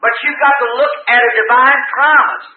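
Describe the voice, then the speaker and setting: A man with a high voice preaches fervently to a congregation. His folksy storytelling rings through an echoey hall. The old recording sounds thin and tinny, with a faint hiss underneath. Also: fairly even intonation, fairly quick. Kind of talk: sermon. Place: church or meeting hall with an audience.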